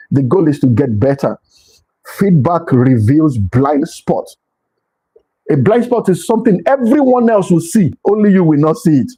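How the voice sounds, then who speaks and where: A man's voice: a little high, mellow, slightly rough, low-quality recording. A man giving a motivational leadership talk, earnest and repetitive, sometimes pleading with his listeners. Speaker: leadership speaker.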